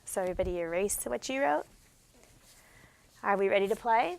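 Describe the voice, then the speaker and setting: A woman's voice: mid-range voice, expressive, brisk, gravelly, darkish tone. A woman teacher giving classroom instruction, guiding students step by step with patient questions. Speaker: special education teacher.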